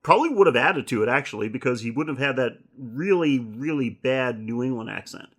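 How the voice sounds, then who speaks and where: A man's voice: mid-range voice, lively intonation, brisk, a bit bright. A man co-hosting a horror film podcast in casual chat, rambling, swearing and laughing often. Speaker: podcast co-host.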